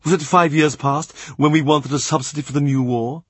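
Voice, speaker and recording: A man voicing a dignified older cardinal who speaks in a measured, wryly ironic way. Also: a little high, fairly even intonation, no echo, voice pushed up, close to an everyday voice. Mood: teasing. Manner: measured, drawn-out, dryly ironic. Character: dignified older male cardinal, wry and weary.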